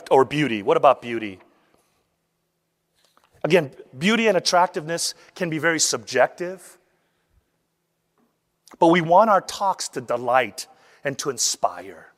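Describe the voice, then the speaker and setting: A man teaching how to deliver a sermon, lively and acting out the voices he quotes. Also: high-pitched, long reverb tail. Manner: animated, acts out quoted voices. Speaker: preaching instructor.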